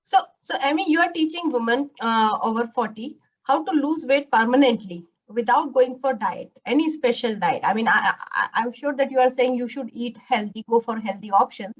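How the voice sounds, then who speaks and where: A woman hosting an online interview and asking questions, with frequent soft hums of agreement. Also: a little high, normal speed, few pauses, recorded from a distance, dull audio. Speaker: summit host and interviewer.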